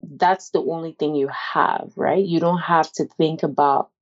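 Young woman, lower-pitched, candid first-person testimony, halting and conversational, slightly muffled lo-fi sound. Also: steady tone. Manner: halting, conversational, many "like" fillers and restarts. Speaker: interviewee sharing a personal story.

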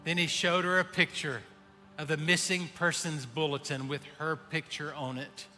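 A man preaching a sermon, swinging between hushed pleading and impassioned calls. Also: on the high side, flat delivery, moderate pace. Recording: reverberant hall with faint music. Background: faint music.

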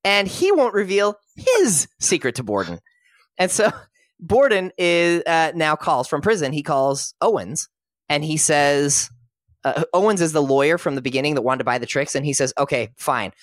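A man's voice: on the high side, sing-song, moderate pace, no room sound. A man on a podcast casually recapping a film's plot, retelling scenes and quoting the characters' lines in conversation. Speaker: podcast panelist.

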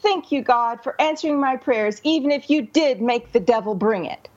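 A woman's voice: a little high, lively intonation, normal speed, highs cut off, a little hiss or hum, close to an everyday voice. A woman voicing a poor, devout woman in a told story, praying humbly. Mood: grateful. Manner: pleading prayer, then overjoyed.

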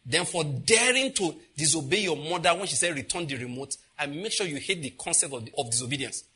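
Lively high-voiced pastor. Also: male voice, a little fast, breathy edge. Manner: animated, laughing, acts out quotes. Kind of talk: sermon.

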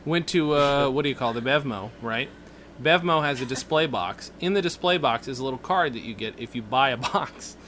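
A man's voice: medium pitch, lively intonation, fairly quick, a bit bright, a little hiss or hum. A man co-hosting a comedy podcast in casual chat, rambling and joking with frequent laughs. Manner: rambling, jokey, laughs often. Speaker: podcast co-host.

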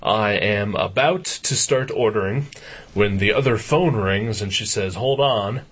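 Low husky guy on a podcast, cussing a lot, ranting about a restaurant. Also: a little slow. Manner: profane ranting anecdote, gets loud when retelling anger. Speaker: podcast co-host. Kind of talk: casual chat, storytelling.

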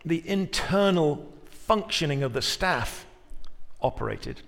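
A male pastor preaching a sermon, moving from quiet reflection to loud, emphatic peaks. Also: fairly high pitch, lively intonation, slow pace, gravelly, big-room sound.

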